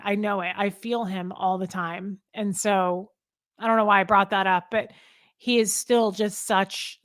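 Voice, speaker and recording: A middle-aged woman talks through a live stream. Her voice sits at an ordinary pitch, sincere and a little rambling, with plenty of ums as she reads comments. The sound is dry and close, with no room echo. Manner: heartfelt, rambling, with many ums. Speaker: host of a live chat. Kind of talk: casual live-stream chat reading comments.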